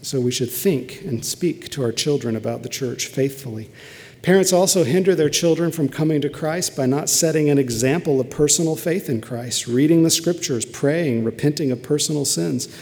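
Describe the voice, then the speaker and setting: A man's voice: fairly high pitch, moderate pace, darkish tone. A middle-aged man preaching a sermon as a pastor, telling an earnest, confessional story from his own family life. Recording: long hall reverb.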